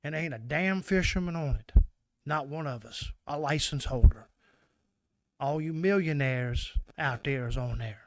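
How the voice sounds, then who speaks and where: A man's voice: on the high side, a little slow, no echo. A man from Mississippi with a Southern US accent, an oyster fisherman giving an angry, emotional public comment at a meeting.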